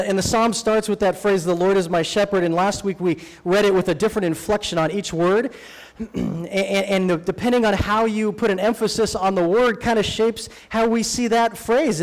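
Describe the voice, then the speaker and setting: A man preaching a sermon as a guest speaker in a church sanctuary, in a relaxed, joking way that slows down to stress key phrases. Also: sits high. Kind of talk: conversational sermon.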